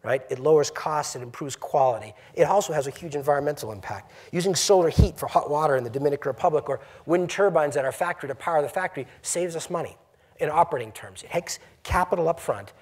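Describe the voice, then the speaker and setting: A man's fast, slightly mellow voice sits on the high side as he, a middle-aged company CEO, talks to a college crowd in a lecture hall. The address is emphatic and conversational, and he regularly turns questions to the room.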